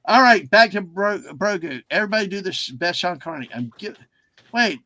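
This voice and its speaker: A man's voice: high-pitched, expressive, fairly quick, sharp tone. A man hosting a casual livestream who rambles and keeps interrupting himself. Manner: rambling, easily distracted, self-interrupting. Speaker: livestream host.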